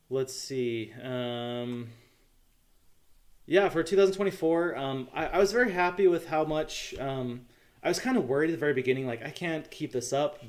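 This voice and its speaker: A young adult American man hosting a casual livestream chat, earnest and halting, with lots of ums. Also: medium pitch. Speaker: YouTube channel host.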